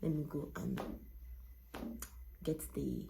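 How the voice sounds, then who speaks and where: A woman's voice: low voice, takes it slowly, vocal fry, noisy background. A young woman, candidly telling a personal story as a vlogger. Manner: candid, emotional, retelling with quoted dialogue.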